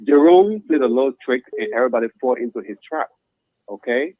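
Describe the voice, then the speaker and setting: A man calling in to a talk show, making an animated, insistent complaint and repeating his point. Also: mid-range voice, fairly quick, no room sound. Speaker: caller. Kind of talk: impassioned phone-in complaint. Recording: tinny phone line.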